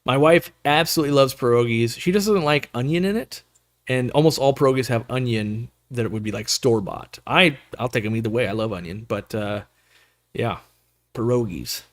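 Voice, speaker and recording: A man chats casually on a live stream, wandering from thought to thought with plenty of fillers and laid-back slang. His voice sits at an ordinary middle pitch, picked up close and dry with no room sound around it. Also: fairly quick, no room sound. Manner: rambling, upbeat, lots of fillers and slang.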